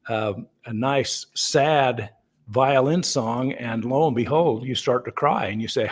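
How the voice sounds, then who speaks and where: A man's voice: mid-range voice, slow pace, breathy edge. Chatty man explaining at an easy pace. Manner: easygoing and chatty, with frequent fillers and restarts; acts out everyday dialogue in the voices of the people in his examples. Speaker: company founder answering questions. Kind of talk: conversational explanation on a call.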